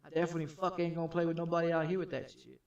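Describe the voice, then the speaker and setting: A man streaming from his home gaming setup, telling a story in a rambling, profane, repetitive way that turns loud and heated. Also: a little high, fairly even intonation, very fast, gravelly, lo-fi sound. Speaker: game streamer. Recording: echoey room, distant from the mic.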